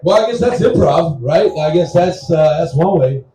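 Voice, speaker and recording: A man's voice: fairly high pitch, expressive, moderate pace, dark tone, roomy sound, faint music behind, low-quality recording. A man hosting a comedy show, hyping the crowd and joking between acts. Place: comedy club stage.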